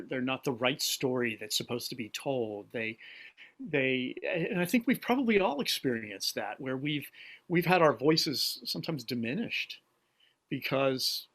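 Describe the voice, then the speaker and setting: Earnest, halting man podcast host. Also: medium pitch, fairly bright tone. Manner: earnest, halting, repeats words as he searches. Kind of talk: conversational interview.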